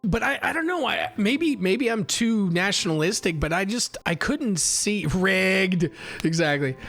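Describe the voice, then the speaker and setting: High-voiced man telling rambling stories. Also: lively intonation, measured pace, fairly bright tone, faint music behind. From United States. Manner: rambling storytelling, lots of swearing and restarts. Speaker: livestream host. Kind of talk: casual chat.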